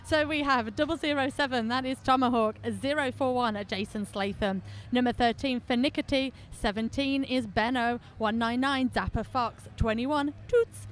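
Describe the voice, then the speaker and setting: A woman's voice: fairly high pitch, moderate pace, hardly any pauses. A woman from New Zealand commentating a roller derby game live, chatty and playful, bantering with her co-commentator.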